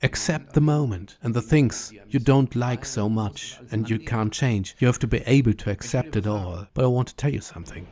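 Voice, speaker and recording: Speaking at normal speed with hardly any pauses, a man with a darkish, mid-range voice and a German accent records a casual travel diary on a pilgrimage trail. He's chatty and blunt about the long walk, laughing often.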